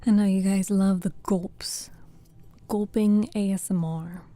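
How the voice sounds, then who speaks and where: Woman bedtime reader, soft-spoken, very slow, deep mellow tone. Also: fairly even intonation. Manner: soft-spoken, rambling between readings. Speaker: storytelling streamer. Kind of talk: soft bedtime reading and chat.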